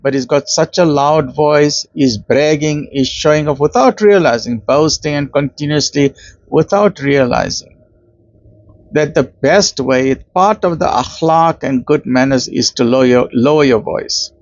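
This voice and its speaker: A South African man gives a religious talk in a chatty, storytelling way, often putting on the voices of the people he describes. His voice sits fairly high for a man. The sound is dry and dull, with no room echo. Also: measured pace. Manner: conversational, acts out quoted voices, uses Arabic terms. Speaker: Islamic lecturer.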